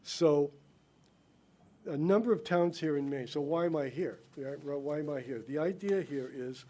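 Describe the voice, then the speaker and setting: A man's voice: a little high, normal speed, warm tone. A man with a slight lisp giving an earnest public comment at a town council meeting, explaining a policy idea with frequent restarts.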